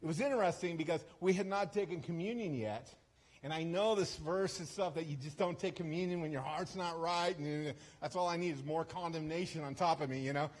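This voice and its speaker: Slightly fast and husky, a little high in pitch, a man preaches as a guest at a church service through storytelling. He rambles conversationally, pokes fun at himself, and often breaks off into asides or starts sentences over.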